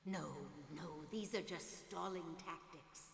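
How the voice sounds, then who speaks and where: A coaxing cult leader. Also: female voice, lowish voice, vocal fry, long reverb tail, heavy background noise. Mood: scheming. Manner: slow, measured and persuasive. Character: scheming older woman cult leader, cold and coaxing.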